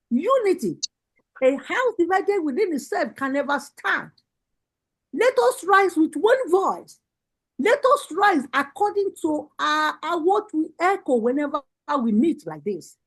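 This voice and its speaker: Impassioned high-voiced Nigerian woman. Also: lively intonation, a little slow, poor audio. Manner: impassioned, repetitive rallying calls. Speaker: party women's leader giving a speech. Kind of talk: rallying political speech. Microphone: video call.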